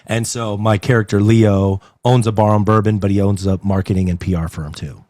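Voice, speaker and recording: A man's voice: on the low side, a little fast, no room sound. Chatty man with a dry close sound. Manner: animated, rambling with fillers and laughs. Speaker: interview guest, actor and agency owner. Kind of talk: casual interview chat. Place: club venue indoors.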